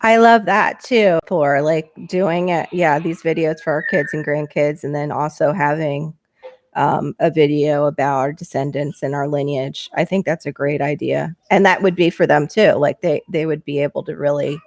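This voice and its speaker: A middle-aged woman hosting a casual livestream from home, reading chat aloud and chatting on a headset mic, laughing often as her voice jumps up when excited. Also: sits low, normal speed, no room sound, studio quality. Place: small home bedroom.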